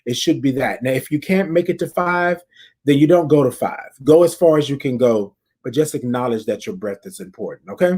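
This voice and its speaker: A man's voice: mid-range voice, lively intonation, a little fast, a little mellow, breathy edge. Upbeat man hosting a podcast. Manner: upbeat, talks straight to his audience, repeats phrases. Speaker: podcast host. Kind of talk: casual live-stream check-in leading breathing exercises.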